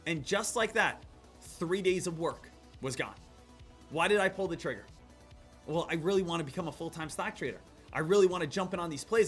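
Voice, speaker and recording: A young man from Pennsylvania, fairly high-voiced, talks casually to viewers on a trading stream. He tells stories in an animated, rambling way and keeps coming back to "again" and "right?", with faint background music underneath. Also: fairly quick. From Pennsylvania, USA. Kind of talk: casual trading livestream talk.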